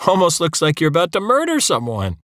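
A man's voice: medium pitch, animated, normal speed, vocal fry, no echo, studio quality, voice pushed up. A man voicing an awkward, clumsy lanky young man who stammers and hesitates in an audiobook. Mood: cheerful.

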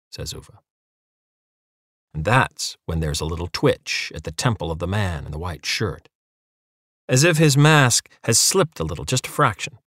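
A man's voice: sits low, animated, moderate pace, a bit bright, no echo. Man narrating an audiobook in a dry booth. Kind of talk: scripted narration.

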